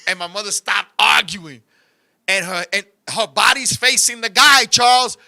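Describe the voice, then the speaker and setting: A man hosting a show, telling animated, profane stories and often shouting as he talks. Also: high-pitched, moderate pace, vocal fry. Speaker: show host. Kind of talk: comedic storytelling chat.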